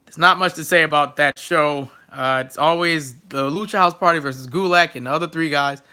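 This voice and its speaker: A young man hosting a casual solo wrestling recap, chatty and excitable, with jokey fan asides. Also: on the high side, fairly quick, clean tone.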